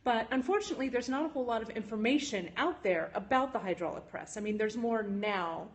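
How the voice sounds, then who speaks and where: Her voice sits on the high side, animated and fairly quick, as she runs a relaxed phone livestream from her jewelry studio. She chats with her audience, responds to what they type in the chat, and fills her speech with plenty of "um"s.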